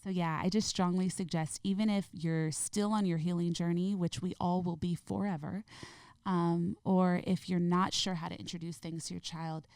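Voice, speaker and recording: A woman with a lower voice, a noticeable fry at the ends of her phrases. She speaks as a podcast guest in a gentle, heartfelt way. The sound is dry and close, with no room around it. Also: fairly even intonation, moderate pace, no room sound. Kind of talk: reflective interview conversation.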